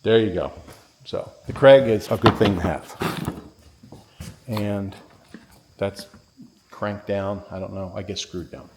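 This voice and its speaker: A man's voice: fairly low pitch, takes it slowly, long pauses, darkish tone, a little hiss or hum. A man giving a casual walkthrough of a workshop barn as a real estate agent, rattling off tools like an auctioneer. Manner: rambling, listing tools like an auctioneer.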